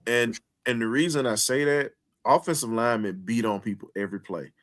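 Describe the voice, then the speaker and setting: A man's voice: medium pitch, steady tone, brisk. A man hosting a heated sports talk show, speaking with an emphatic, preaching cadence and repeating phrases to drive points home.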